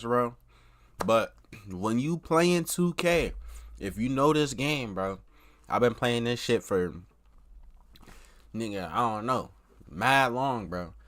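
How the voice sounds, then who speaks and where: A young man streaming live, reacting loudly to an interview with slangy, profane, animated commentary aimed at his chat. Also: medium pitch.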